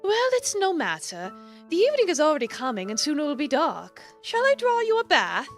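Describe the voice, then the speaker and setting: A woman's voice: high-pitched, huge pitch swings, fairly quick, soft background music, voice pushed up, exaggerated voice. A woman voicing a rich, fancy young lady of a mansion with a put-on posh British accent. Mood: gracious. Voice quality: posh, formal.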